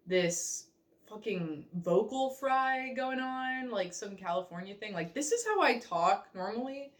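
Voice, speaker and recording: A young woman rambling chattily in a casual reaction vlog, full of fillers and self-mockery. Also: medium pitch. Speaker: vlogger.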